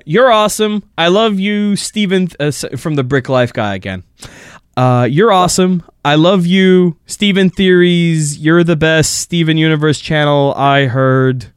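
Smooth-voiced man co-hosting a chat. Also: on the high side, dry recording, clean studio sound. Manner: rambling, quick to laugh. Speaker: podcast co-host. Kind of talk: casual chat.

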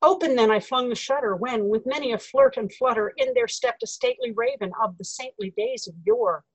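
Woman, breathy, dry close sound; theatrical verse reciter, hushed to loud. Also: high voice, big pitch swings, fairly quick, no echo, low-quality recording. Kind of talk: dramatic poetry recitation.

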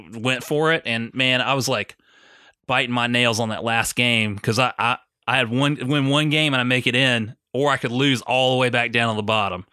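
A young man with a bright, forceful voice chats casually on a podcast and tells profane stories. He mocks people by mimicking their lines. His voice is recorded close and dry. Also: medium pitch, no room sound. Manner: profane storytelling, mocks others in quoted voices. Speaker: podcast co-host. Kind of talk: casual chat.

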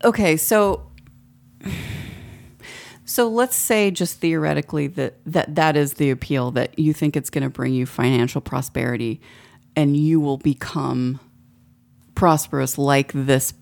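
Slow, low, gravelly woman chatting. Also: a little mellow. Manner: rambling, frequent profanity. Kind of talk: casual chat.

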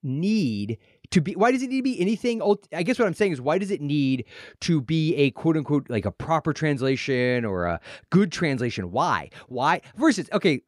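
Male podcast co-host, argumentative and animated, slightly high voice, dry mic. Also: no echo. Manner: animated, interrupting, mock voices. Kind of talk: casual argumentative chat.

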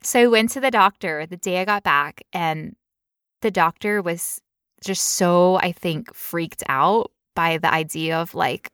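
A young woman talks through a story with animated energy and a steady stream of "like". Her voice is bright and forward. The sound is close and dry. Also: lowish voice, measured pace, clean tone, no echo. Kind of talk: casual chat.

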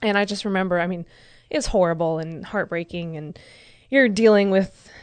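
A woman's voice: on the low side, normal speed, a little mellow, clean tone, no room sound. A woman in her thirties telling a personal story in a casual group discussion, candid and emotional. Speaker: discussion participant.

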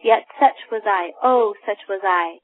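A woman voicing a regretful old male ghost, reading his lines with slow, solemn emphasis over a tinny phone line. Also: medium pitch, close to an everyday voice. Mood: mournful.

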